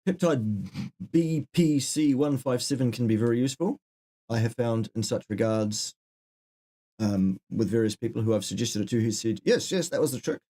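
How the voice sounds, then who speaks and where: A middle-aged man with a mellow, mid-range voice co-hosts a live Q&A chat, answering viewer questions at a moderate pace. His replies are dry and joking, and he tends to wander into asides.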